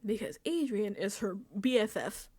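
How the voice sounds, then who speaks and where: A woman host giving a casual, animated recap of a reality show, laughing often and sounding exasperated. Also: mid-range voice, moderate pace.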